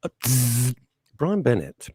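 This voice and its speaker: This male radio co-host speaks slowly in a husky, medium-pitched voice, captured cleanly and without echo through a studio microphone in a radio studio. His banter with his partner is animated, jokey and teasing, with some mild swearing.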